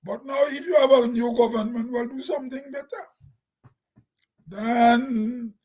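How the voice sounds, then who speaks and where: Grenadian man, very high voice, husky, rambling casual vlog talk. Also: steady tone, unhurried, a little mellow, poor audio. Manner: plain-spoken, rambling, laughs to himself. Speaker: vlogger. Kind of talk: casual monologue.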